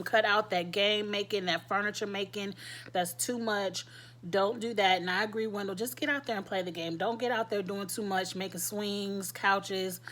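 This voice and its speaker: A woman giving chatty, sassy commentary as a show reviewer, her throat irritated so that she keeps clearing it. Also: medium pitch, a bit bright. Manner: chatty, sassy, laughs often. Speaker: reality TV reviewer. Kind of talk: casual commentary.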